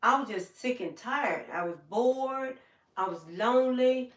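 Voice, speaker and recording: A woman's voice: fairly high pitch, lively intonation, a little slow, recorded from a distance. An older woman hosting a livestream, telling her personal story in a heartfelt, plain-spoken, repetitive way. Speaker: livestream host. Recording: echoey room, voice away from the mic.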